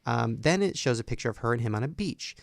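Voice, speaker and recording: Gossipy man with a gravelly voice. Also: mid-range voice, animated, fast, no echo. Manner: crude, gossipy and joking. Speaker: podcast co-host. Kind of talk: casual chat.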